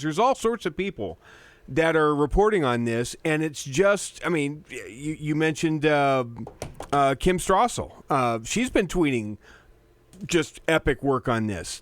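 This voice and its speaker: A man's voice: a little high, clear, resonant tone, no echo. A man speaking as a guest on a political talk radio show, emphatic and conversational.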